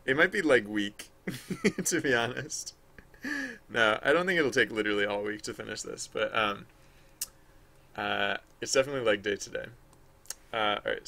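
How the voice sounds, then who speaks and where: A man's voice: mid-range voice, vocal fry, bright, forceful tone. A man live-streaming while drawing, chatting casually in a rambling, self-mocking way with many fillers and frequent laughs. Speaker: live-streaming digital artist.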